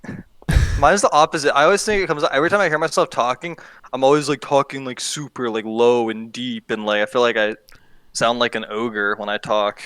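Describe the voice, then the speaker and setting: A man's voice: mid-range voice, steady tone, a little fast, a bit bright, smooth, no echo. A young man, a music producer, chatting casually as a podcast guest, laid-back and slangy, swearing and laughing easily.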